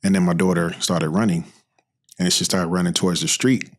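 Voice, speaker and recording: Deep-voiced middle-aged male host. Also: a little fast. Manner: sympathetic, relaxed storyteller. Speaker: podcast host. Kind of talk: conversational interview.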